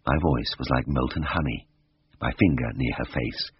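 A man reading a first-person story aloud in a wry, lively storytelling manner. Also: rumbling low, normal speed, breathy edge, no echo. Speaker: audiobook narrator. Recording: dry, slightly dull recording.

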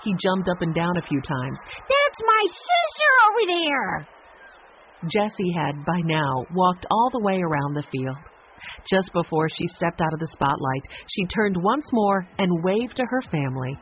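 An audiobook narrator reading a children's story in a scripted, expressive style, switching voices for the characters. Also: mid-range voice, normal speed, dull audio, slight background noise.

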